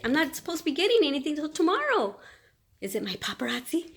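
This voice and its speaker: A woman in her fifties, a grandmother, vlogging at home and cooing at her grandchildren in excitable, sing-song baby talk. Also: high voice, quick pace. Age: 50s. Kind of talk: casual home vlog, talking to grandchildren.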